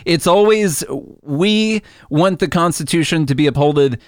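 A man's voice: fairly high pitch, measured pace, clean tone, dry recording, clean studio sound. A man co-hosting a political talk show, speaking in an earnest, exasperated way. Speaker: podcast co-host. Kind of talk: political commentary chat.

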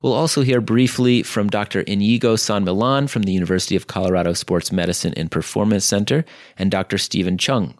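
A man hosting a podcast, reading a scripted intro while ill and losing his voice, so his voice sounds deep and gravelly. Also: no room sound, clean studio sound. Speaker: podcast host.

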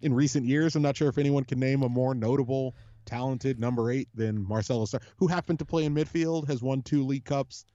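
A man's voice: mid-range voice, brisk, dark tone, no room sound, lo-fi sound. A man co-hosting a casual podcast about a soccer club, telling long rambling stories with lots of restarts and casual swearing. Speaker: podcast co-host, supporters' group leader.

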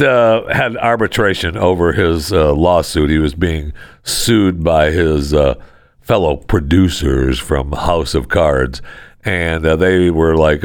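A man hosts a sarcastic news commentary, his low voice gravelly with fry. His pitch swings widely as he mocks the stories with sardonic asides. The sound is dry and close. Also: lively intonation, a little slow, no echo. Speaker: host.

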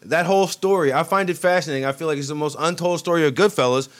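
Man, sports chat, eager, storytelling, slightly high pitch. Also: quick pace. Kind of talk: casual sports talk.

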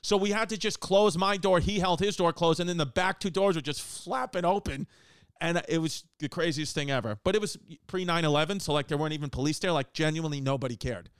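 A man hosting a casual comedy show from his living room, rambling and joking with quick asides. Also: fairly high pitch, clear, resonant tone, no room sound. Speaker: podcast host.

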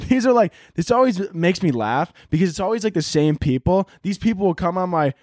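Sarcastic young podcast host. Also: male voice, high-pitched, animated, fairly quick, a little mellow, no room sound, clean studio sound. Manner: sarcastic, rambling, profane. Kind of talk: casual comedic podcast monologue.

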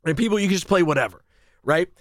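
A man hosting a casual podcast chat, spinning animated, salty stories. His voice sits a little high and the recording is close and dry. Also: fast talker, no echo. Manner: animated storyteller, swears freely. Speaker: radio host.

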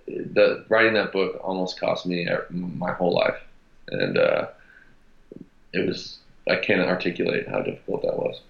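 A man telling a story as a podcast guest, reflective and halting, with frequent restarts. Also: sits low, vocal fry. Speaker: podcast guest, gym founder. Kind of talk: casual storytelling interview. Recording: roomy, dull sound.

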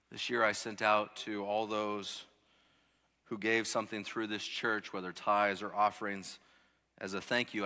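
A pastor in his thirties preaching a sermon, rising to loud emphatic lines and dropping to soft ones, often repeating words as he restarts. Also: on the low side, long reverb tail.

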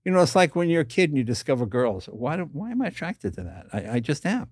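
A man's voice: a little high, quick pace, dry recording, clean studio sound. An older man telling stories in an interview, acting out the voices of people in them. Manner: animated storyteller acting out voices. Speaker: guest. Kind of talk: storytelling interview.

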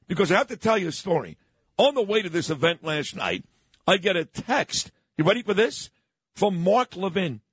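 Brash New radio host, dry studio sound. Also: male voice, sits high, a bit bright, no room sound. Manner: brash, storytelling, acts out quotes. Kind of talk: animated talk radio monologue.

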